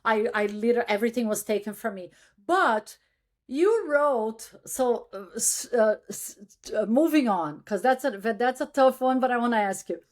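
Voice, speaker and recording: A widowed woman hosts an interview podcast, her voice a little high and her pace moderate. The chat is casual, and she speaks candidly and emphatically, letting the odd swear word slip.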